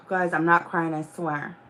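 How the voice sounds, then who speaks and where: A woman's voice: fairly low pitch, little pitch movement, slow, bright, forceful tone, slight background noise. A woman hosting a livestream, chatting casually in a rambling, profane way with many fillers. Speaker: livestream host. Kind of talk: casual chat.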